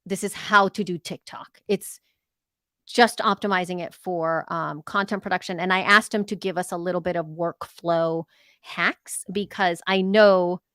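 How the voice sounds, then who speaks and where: A woman's voice: lowish voice, steady tone, a little slow, pushed and bright, smooth, no room sound, clean studio sound. A woman co-hosting a podcast, chatting casually and upbeat with plenty of fillers. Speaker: podcast co-host. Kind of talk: casual chat.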